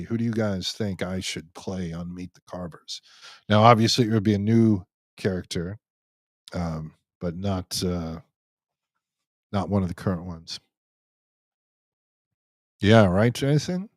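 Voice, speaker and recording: Low and somewhat dark, his voice comes through with no room sound. While hosting a live Q&A stream he chats casually, reads viewer comments, and jokes around, rambling with many restarts.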